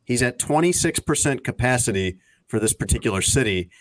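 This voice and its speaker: A man's voice: medium pitch, expressive, a little fast. A man hosting a casual talk show, running through news items and teasing his co-hosts. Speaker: host.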